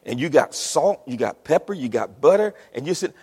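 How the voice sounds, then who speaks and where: A pastor preaching a sermon in a church, animated with call-and-response. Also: male voice, high voice, fairly quick, creaky, few pauses, breathy edge. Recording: long hall reverb.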